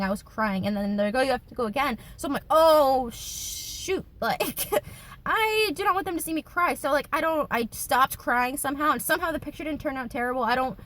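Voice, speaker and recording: A woman's voice: fairly high pitch, fast, few pauses, fairly bright tone. A woman in her twenties, chatting casually in a Q&A vlog from her car, with lots of fillers and giggles. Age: 20s. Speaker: YouTuber.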